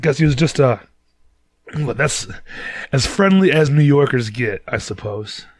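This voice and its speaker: A man's voice: mid-range voice, lively intonation, measured pace, dry recording. A man from Detroit, a podcast host who tells a story in a casual, rambling, profane way. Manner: profane, rambling, laid-back.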